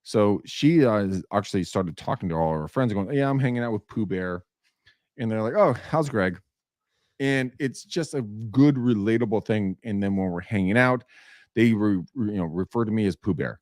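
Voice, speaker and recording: A man hosting a casual talk show, animated and laughing, swearing freely as he tells stories. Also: on the low side, brisk, no room sound, studio quality. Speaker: show host. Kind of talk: casual podcast banter.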